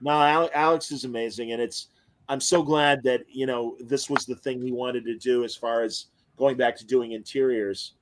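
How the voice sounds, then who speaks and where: Guy hosting a podcast chat, average pitch, animated storyteller, swears a bit. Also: normal speed. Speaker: podcast host. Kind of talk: casual chat.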